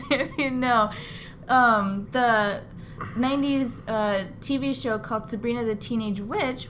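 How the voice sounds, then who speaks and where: A woman's voice: a little high, fairly bright tone, a little hiss or hum. A woman co-hosting a casual podcast, giggly and hesitant with many ums. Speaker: podcast co-host.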